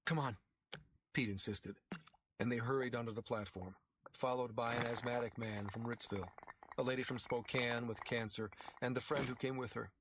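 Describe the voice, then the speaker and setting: Male audiobook narrator with a measured, dramatic read. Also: mid-range voice, fairly even intonation, a bit bright, a little hiss or hum.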